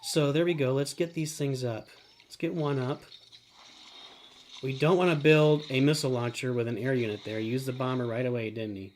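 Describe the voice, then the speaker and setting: A middle-aged streamer hosts a live game broadcast, talking fairly quickly at medium pitch with a little hiss or hum on the audio. He narrates nonstop, keeps naming himself in the third person, and breaks out in excited shouts.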